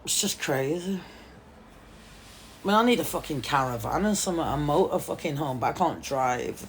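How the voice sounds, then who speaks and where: A woman's voice: low-pitched, moderate pace, slight background noise. A woman chatting casually on a phone livestream, swearing freely and calling people darling. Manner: swears a lot, animated, calls people darling.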